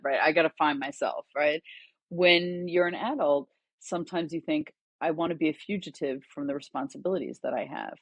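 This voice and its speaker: A woman's voice: sits low, moderate pace, slightly rough, no echo, dull audio. A middle-aged woman, a guest author and educator, telling stories in conversation and acting out the dialogue in them. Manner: animated storyteller, acts out quoted dialogue. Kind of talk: conversational storytelling.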